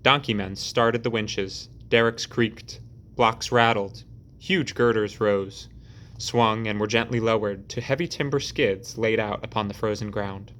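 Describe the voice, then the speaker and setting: Lower-voiced man narrating a novel. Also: steady tone, a little slow, fairly bright tone. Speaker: audiobook narrator. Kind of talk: scripted narration.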